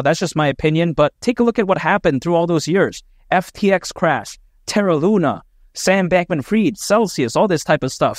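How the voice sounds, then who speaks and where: A man's voice: fairly high pitch, no echo, studio quality. A man hosting his own crypto vlog, talking in a chatty, emphatic way with lots of "you know". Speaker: crypto channel host. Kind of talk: casual opinion vlog.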